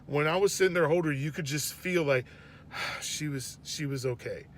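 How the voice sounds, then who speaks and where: Guy telling a heartfelt faith story, kinda higher voice, goes quiet and reflective, faint hum behind. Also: moderate pace. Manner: earnest, reflective, often softening to a hush. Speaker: father sharing a faith reflection. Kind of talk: personal devotional storytelling.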